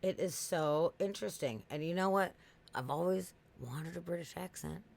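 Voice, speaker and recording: A woman with an East Coast accent co-hosting a podcast livestream, chatty and excitable, swearing casually. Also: fairly low pitch, moderate pace, gravelly, a little hiss or hum. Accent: American East Coast. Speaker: podcast co-host.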